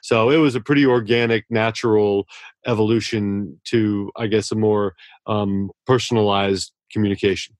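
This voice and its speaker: A man's voice: lowish voice, fairly even intonation, normal speed, no room sound. Male author guest, earnest and effusive, restarts a lot, dry recording. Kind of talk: casual interview talk.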